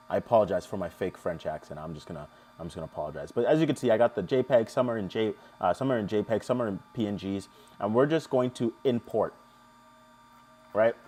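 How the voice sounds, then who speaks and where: A young man hosting a live stream, his voice sitting a little low. He talks viewers through the steps in a loose, chatty way, cracking jokes and answering the chat as he goes. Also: darkish tone. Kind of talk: casual live tutorial.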